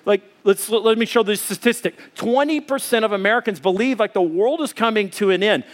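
A man in his thirties preaching a sermon as pastor, telling stories with lively voices for the people in them. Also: high-pitched, a little fast. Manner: animated storytelling, acts out voices of others. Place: church auditorium with audience.

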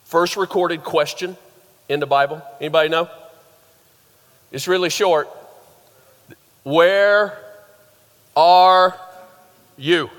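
A man's voice: on the high side, bright, forceful tone. A man preaching a sermon in a conversational way, asking the audience questions and joking. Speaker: pastor. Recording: long hall reverb.

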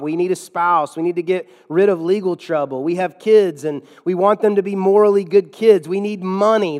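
A man's voice: sits high, darkish tone, in a large hall. A man preaching a sermon as a pastor in a church, emphatic, with sudden drops and swells in his delivery.

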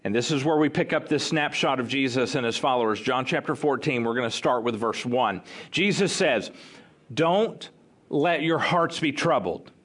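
A man preaching a sermon as pastor, talking conversationally and telling the story with lively acted-out quotes. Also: medium pitch, brisk, hardly any pauses.

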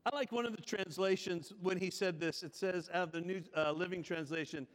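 High-voiced man preaching a sermon. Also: fairly quick, few pauses, long reverb tail. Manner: conversational preaching with rhetorical questions. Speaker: pastor.

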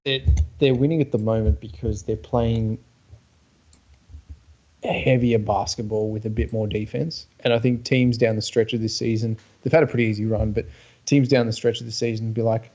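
A man's voice: medium pitch, little pitch movement, brisk, darkish tone, dull audio. An Australian man co-hosting a podcast, talking casually and bluntly about basketball, with dry opinions and many fillers. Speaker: podcast co-host. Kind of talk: casual sports chat.

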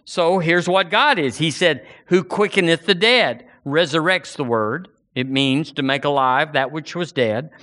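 A man's voice: a little high, a little slow, hardly any pauses. A man preaching an impassioned, emphatic sermon, his voice climbing when he presses a point. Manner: impassioned, emphatic, rising to near-shouts.

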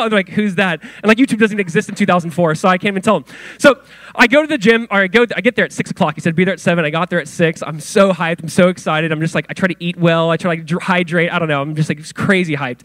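Male pastor, thirties, high voice, dry close sound, loose slangy sermon delivery. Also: quick pace, no echo. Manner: casual, excitable storytelling with many "like"s.

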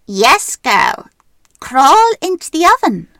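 A woman's voice: high-pitched, sing-song, sharp tone, dry recording, voice pushed up, exaggerated voice. An Irish woman voicing a screeching, greedy old witch in a storybook reading. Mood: cackling greedy. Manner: drawn-out, sing-song, greedy relish.

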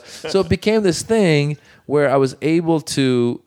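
A comedian telling a lively story in casual talk, acting out other voices. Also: male voice, a little high, moderate pace, hardly any pauses. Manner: animated, acts out voices in anecdotes. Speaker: comedian guest.

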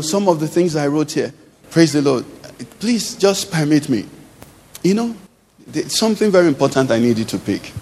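A man's voice: on the high side, darkish tone, slightly rough, in a large hall. A male pastor preaching a sermon to his congregation, emphatic, throwing questions out for the crowd to answer. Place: church hall.

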